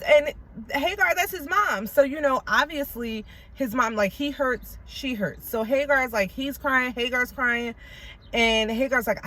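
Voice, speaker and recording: A woman hosting a casual Bible study vlog, retelling scripture in an animated way with slangy asides. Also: fairly high pitch.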